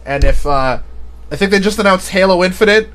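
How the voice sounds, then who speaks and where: A man's voice: sits high, animated, brisk, fairly bright tone. A man chatting casually on a live stream, rambling and often laughing at his own jokes.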